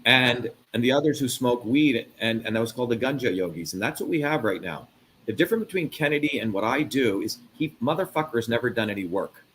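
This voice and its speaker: A man from India hosting a live interview, talking emphatically and profanely with loud swings of pitch. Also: animated, quick pace, slight background noise. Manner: emphatic, profane, mocking put-on voices. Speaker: host.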